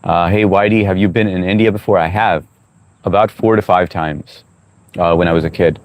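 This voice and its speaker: A middle-aged man with a notably low, deep voice hosts a laid-back livestream outdoors. He reads viewer comments aloud and jokes with his audience. He keeps chatting while he chews his food. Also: fairly even intonation, moderate pace, no echo. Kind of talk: casual livestream chat. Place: outdoors on a walk.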